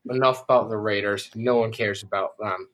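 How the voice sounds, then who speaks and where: A man's voice: lowish voice, steady tone, moderate pace, a bit bright. A man co-hosting a casual football preview, loose and easily surprised, laughing often. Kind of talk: casual sports chat.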